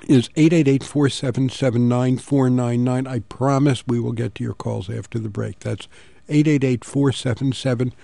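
A middle-aged man hosts a public radio call-in show, his voice mellow and gravelly. He speaks in a thoughtful, halting way, restarting his phrases. The studio sound is close and dry. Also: mid-range voice, dry recording. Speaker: radio talk show host. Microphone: studio microphone.

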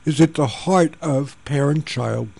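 Gravelly-voiced older male radio host. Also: on the high side, measured pace, no echo. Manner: gentle storytelling. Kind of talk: radio talk show.

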